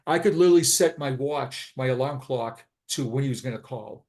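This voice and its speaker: A man's voice: medium pitch, fairly quick, a little mellow. A blunt man in his fifties with a Boston accent, telling his story as a retired police sergeant in a casual interview. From Boston, USA. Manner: blunt, frank.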